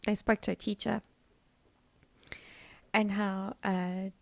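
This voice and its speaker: A woman's voice: medium pitch, little pitch movement, slow, vocal fry, no echo. A middle-aged woman, hosting a casual livestream chat, rambling and laughing with fillers. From South Africa. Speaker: livestream host.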